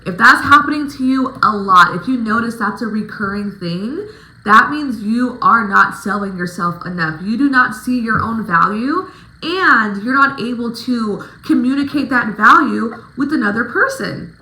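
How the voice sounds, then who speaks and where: A woman's voice: fairly high pitch, expressive, moderate pace, pushed and bright, echoey room, rough recording. A woman giving casual vlog advice as a dancer coaching other dancers, talking emphatically with plenty of swearing. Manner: emphatic, profane, pep-talk delivery.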